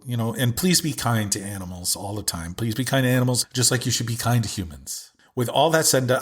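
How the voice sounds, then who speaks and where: A middle-aged man hosting his own podcast, talking in a casual, rambling monologue full of restarts and asides. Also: medium pitch. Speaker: podcast host.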